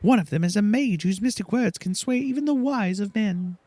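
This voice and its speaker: A man's voice: sits high, normal speed, darkish tone, no echo, pitched above the performer's own voice. A man voicing a vain, bossy female stage actress in a fantasy game. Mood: haughty. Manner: condescending, bossy.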